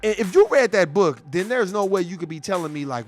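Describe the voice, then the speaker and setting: A man's voice: high-pitched, expressive, fairly quick, soft background music. A man delivering a profane, heated political rant in street slang. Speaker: commentator.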